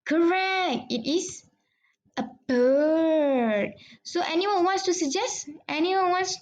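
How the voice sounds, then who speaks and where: A woman's voice: very high voice, animated, takes it slowly. A young woman giving a mock online grammar lesson, patiently explaining step by step to an imagined class. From Malaysia. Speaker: trainee English teacher.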